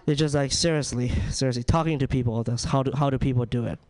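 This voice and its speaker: A man's voice: medium pitch, steady tone, quick pace, a little mellow. A young man from China doing a ranting, self-deprecating stand-up comedy set, leaning on "like" and "right?". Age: young adult.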